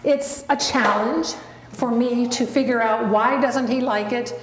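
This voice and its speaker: Slow-talking woman coaxing her dog. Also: on the high side, fairly even intonation. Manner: patient, coaxing, calls short commands. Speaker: dog trainer showing her dog's tricks. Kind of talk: casual demonstration with coaxing commands to a dog. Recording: echoey room with faint background noise.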